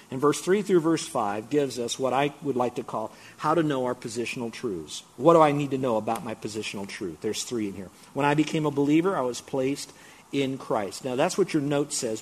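Husky-voiced male preacher. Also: mid-range voice. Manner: emphatic preaching, mocking asides in a raised voice. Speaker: pastor. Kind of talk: sermon.

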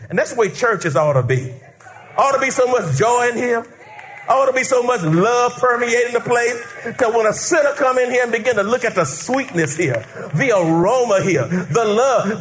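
A male pastor preaching a sermon, animated and conversational, acting out quotes and calling out to the congregation. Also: very high voice, moderate pace. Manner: animated, call-and-response preaching with acted-out quotes.

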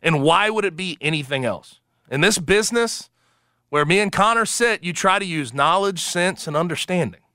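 A man hosting sports talk radio, animated and emphatic, quick to laugh. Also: sits high, no echo, clean studio sound. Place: radio studio.

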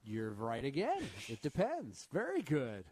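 A man's voice: medium pitch, wildly swooping pitch, unhurried, darkish tone, husky, no echo. A man co-hosting a finance radio show as an advisor, patiently explaining retirement rules while quizzing his co-host. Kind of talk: radio call-in finance chat.

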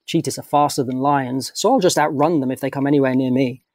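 A man voicing an energetic, boastful young boy in a storybook reading. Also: medium pitch, quick pace, no echo, studio quality, natural voice. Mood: confident. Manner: eager and raised.

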